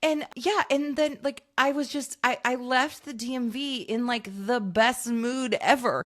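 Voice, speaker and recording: A woman co-hosting a podcast, telling an animated story in casual chat and acting out the voices of the people in it. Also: high-pitched, a little slow. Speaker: podcast co-host.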